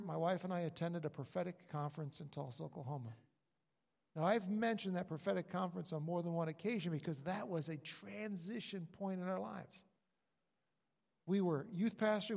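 A man's voice: sits high, darkish tone. A middle-aged man from New York, a pastor preaching a sermon as he tells a story with emphatic repetitions. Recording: long hall reverb.

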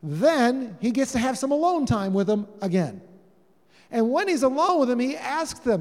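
Preaching at a moderate pace in a sing-song, fairly high voice, the pastor animates his sermon story and performs each character's lines. A long reverb tail trails his words around the hall.

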